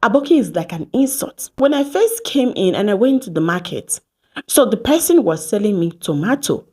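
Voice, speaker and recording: A Nigerian woman in her thirties from Edo State, telling stories to camera in a lively vlog, slipping into Pidgin and acting out what people said. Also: mid-range voice, moderate pace, breathy edge. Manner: animated, mixes Pidgin phrases, acts out quoted exchanges. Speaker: vlogger. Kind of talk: casual storytelling to camera.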